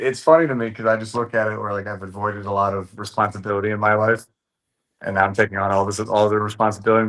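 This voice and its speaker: A man from the United States, a fight promoter, chatting casually and telling stories with lively swearing. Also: fairly low pitch. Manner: animated, swears freely, tells stories. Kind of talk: casual chat.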